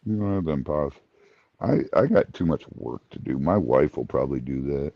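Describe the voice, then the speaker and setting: A man's voice: very deep voice, lively intonation, moderate pace, gravelly, dry recording. A man on a casual live podcast chat, speaking in a matter-of-fact, stubborn way. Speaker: podcast co-host. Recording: dull dry sound.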